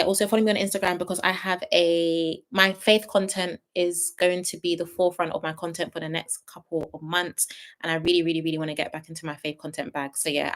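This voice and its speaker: A young woman streaming live late at night, praying earnestly and then thanking her viewers, close to tears and repeating herself. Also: lowish voice. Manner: earnest and heartfelt, repeating phrases. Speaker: YouTube reality-show reviewer.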